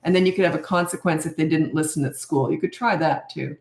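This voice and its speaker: A woman in her sixties with a gravelly, creaky edge to her voice answers parenting questions in a candid, self-deprecating chat. Her voice rings in a roomy, echoey space. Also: sits low, fast talker, a little mellow. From Canada. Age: 60s. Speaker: parenting coach. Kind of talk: live Q&A chat.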